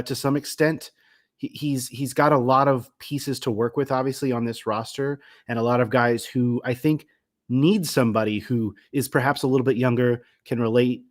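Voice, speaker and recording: A man talking baseball in a relaxed podcast chat. His voice sits at an ordinary middle pitch. He trips on his words, repeating and restarting as he thinks aloud. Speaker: sports podcast co-host. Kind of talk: casual sports talk.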